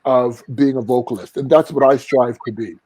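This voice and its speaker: A singer and vocal coach, appearing as a guest in a casual interview, speaks earnestly and reflectively, singing short vocal examples. His medium-pitched voice is steady, mellow and breathy-edged at a moderate pace, in a low-quality recording with no room sound.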